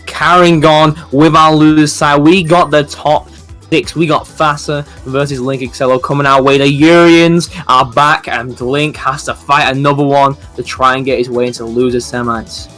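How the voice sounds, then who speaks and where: A man giving rapid play-by-play commentary on a fighting game match. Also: on the high side, soft background music. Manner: rapid play-by-play, rising excitement. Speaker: esports commentator.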